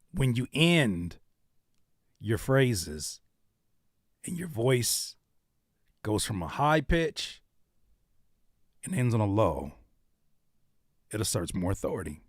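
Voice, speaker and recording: A man's voice: medium pitch, fairly bright tone, dry recording, clean studio sound. A man chatting casually on a live stream, giving feedback on music, rapping lines back and slipping into voice impressions. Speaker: rapper and producer reacting to viewer music.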